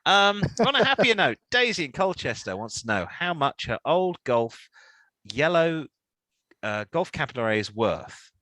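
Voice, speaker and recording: Male co-host, animated delivery, bright tone, dry close sound. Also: fairly high pitch, measured pace, dry recording, low-quality recording. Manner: rambling, chatty, lots of fillers. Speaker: podcast co-host. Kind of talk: casual car chat.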